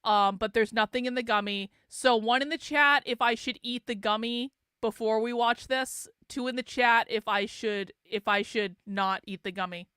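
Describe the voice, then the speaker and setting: Bright chatty woman livestream host. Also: on the high side, fairly even intonation, moderate pace, few pauses, clear, resonant tone, dry recording, studio quality. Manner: chatty, joking asides to viewers. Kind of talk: casual livestream chat.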